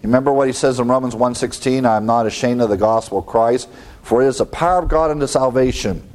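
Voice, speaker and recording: A man preaching an expository sermon in an earnest teaching tone. His voice sits in a middle pitch, and he quotes scripture and asks his listeners rhetorical questions. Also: fast, darkish tone.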